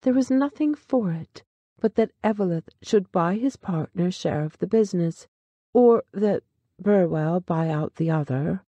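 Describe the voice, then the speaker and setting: A narrator reading a classic short story aloud in a measured, dramatic way. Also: mid-range voice, animated, dark tone, dry recording, dull audio.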